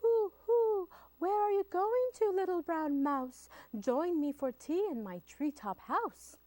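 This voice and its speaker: A woman voicing a high, hooting owl in a storybook reading, her voice swooping upward on every call. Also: slow, darkish tone, no room sound.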